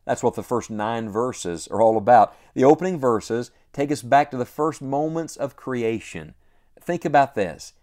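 A man's voice: mid-range voice, darkish tone. A man preaching a devotional sermon, earnest and emphatic, repeating key lines and stretching out their final words. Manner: earnest, emphatic repetition with slow drawn-out endings.

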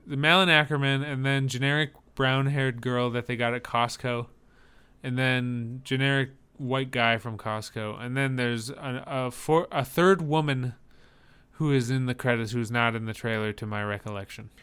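A man co-hosts a casual chat in a bright, forward voice. His talk wanders and hesitates, with a dry sense of humor. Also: mid-range voice, fairly even intonation, normal speed, clear, resonant tone. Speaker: podcast co-host. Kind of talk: casual chat reacting to movie trailers.

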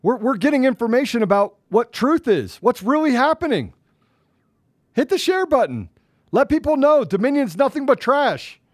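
Fired-up guy ranting on a talk show, high voice, dead dry sound. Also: sing-song, moderate pace, dry recording. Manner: angry and emphatic, swings from loud to low. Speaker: podcast co-host. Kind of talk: heated political talk.

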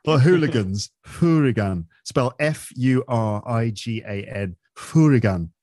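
A man's voice: mid-range voice, measured pace, a little mellow, no echo, studio quality. A British man, an English teacher and podcaster, chatting playfully as a guest in an interview and laughing often. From United Kingdom. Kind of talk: casual interview chat.

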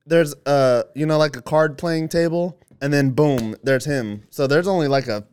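A man's voice: a little high, moderate pace, a little mellow, clear, resonant tone. A man in casual chat, chiming in with agreement and laughter and adding details to a shared story.

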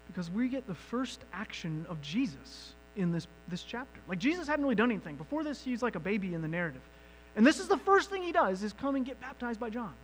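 A man preaching a sermon as pastor, moving from quiet reflection to loud, emphatic questions. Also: a little high, a little hiss or hum, low-quality recording.

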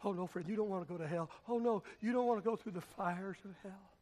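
A pastor preaching a sermon in a church, with a dramatic, repetitive cadence that swings from shouting to hushed whispers. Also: male voice, high voice, fast talker. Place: church sanctuary.

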